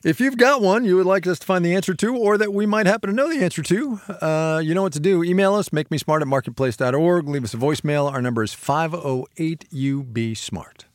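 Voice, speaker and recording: A man's voice: a little high, a little fast, hardly any pauses, dry recording, studio quality. A man co-hosting a podcast, explaining an idea in a casual, laughing way and often restarting his sentences. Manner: lively, laughing, self-interrupting explainer. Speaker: podcast co-host.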